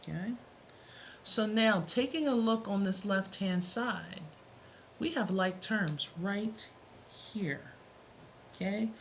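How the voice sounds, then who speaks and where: A woman's voice: medium pitch, a bit bright, a little hiss or hum. A woman teaching math on a live stream, greeting viewers by name and explaining steps with playful asides. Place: home room with a fan running.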